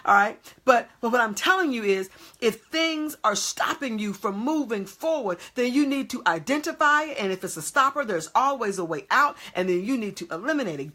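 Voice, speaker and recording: Bright-voiced woman preaching emphatically. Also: on the high side. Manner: emphatic, repeats short checks to the audience. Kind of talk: motivational sermon.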